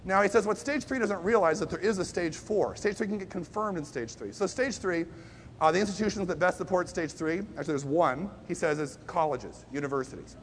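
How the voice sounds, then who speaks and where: A man giving a conversational sermon, a lively storyteller who swings between hushed and loud emphasis and makes self-deprecating asides. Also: high-pitched, fairly quick, slight background noise.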